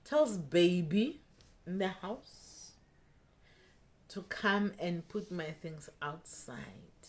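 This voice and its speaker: Woman, young, unhurried storytime delivery, lowish voice, acts out the dialogue. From South Africa. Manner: animated retelling, acting out quoted dialogue. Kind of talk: casual storytime vlog.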